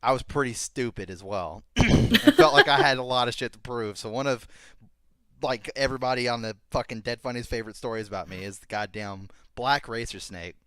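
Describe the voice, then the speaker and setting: A man co-hosts a podcast, swearing freely as he tells rowdy stories. His voice is bright and dry, close to the mic, and his pitch moves a lot. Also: expressive, brisk, clean tone, dry recording. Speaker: podcast co-host. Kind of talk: casual chat.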